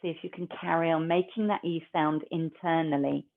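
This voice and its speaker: Calm woman guiding yoga, tinny sound. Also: low-pitched, vocal fry. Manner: calm, slow, gentle guidance. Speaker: yoga teacher. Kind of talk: guided yoga instruction. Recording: tinny phone-like recording.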